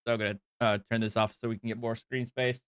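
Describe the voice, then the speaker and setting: A host giving relaxed, amused commentary on a police video. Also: medium pitch, fast, clean tone, dry recording, clean studio sound. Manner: laid-back, amused, conversational.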